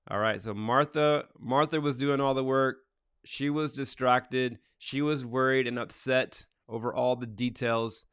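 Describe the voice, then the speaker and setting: A man's voice: medium pitch, fairly bright tone, clear, resonant tone, no echo, studio quality. A middle-aged man hosting a casual morning devotional livestream, reading Bible passages aloud and then chatting loosely about them and about viewers' comments. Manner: reads scripture aloud, then chats loosely and answers comments from the live chat. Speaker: livestream host reading scripture.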